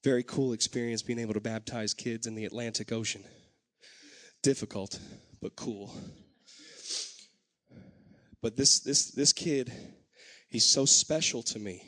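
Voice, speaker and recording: A man preaching a sermon, moving between loud, fervent exhortation and quiet, personal storytelling. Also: mid-range voice, steady tone, a little slow, long pauses. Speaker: pastor.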